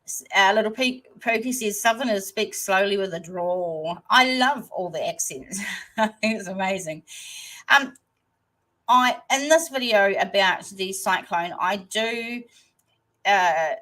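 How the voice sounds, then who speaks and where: Slow, hesitant New Zealand woman host. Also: mid-range voice, a bit bright, low-quality recording. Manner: hesitant, rambling, many pauses. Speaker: channel host. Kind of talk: casual livestream chat.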